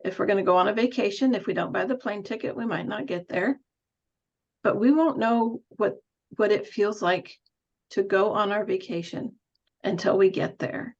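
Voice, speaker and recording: A woman's voice: mid-range voice, moderate pace, highs cut off. A woman nurse coach giving a thoughtful, musing talk on coaching, with an occasional light laugh.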